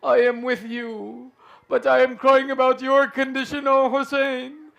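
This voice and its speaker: A man's voice: very high-pitched, flat delivery, a little slow, creaky, a bit bright, voice pushed up, full character voice. A man voicing a dying man who laments in sorrow for his brother. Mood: lamenting.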